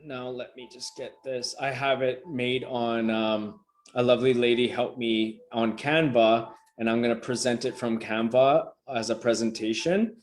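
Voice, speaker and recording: A man's voice: mid-range voice, fairly even intonation, a little slow. A middle-aged man giving a motivational coaching talk over a video call, emphatic and repetitive, casual and swearing freely. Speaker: motivational coach presenting a session. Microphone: video call microphone.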